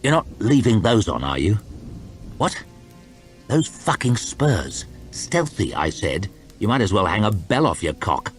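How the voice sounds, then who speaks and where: A man's voice: on the low side, big pitch swings, a little slow, faint music behind. A man voicing a hardened male warrior who talks in blunt grunts. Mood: scolding.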